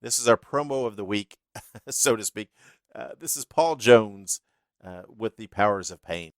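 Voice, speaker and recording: A man's voice: lowish voice, a little slow, dry recording. A man hosting a podcast, telling stories casually with laughs and plenty of fillers. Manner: chatty, laughs through his stories, filler-heavy. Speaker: podcast host.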